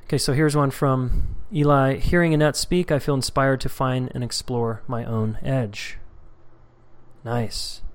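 A man's voice: mid-range voice, level tone, slow. A man coaching a live group call in a casual, candid way. He reads out members' comments and answers questions. Now and then he acts out short dialogues, and his voice shifts for them.

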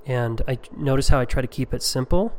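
A man's voice: mid-range voice, brisk, a little mellow, a little hiss or hum. A middle-aged man teaching a class on emotional repair in a conversational, rambling way with many ums and asides.

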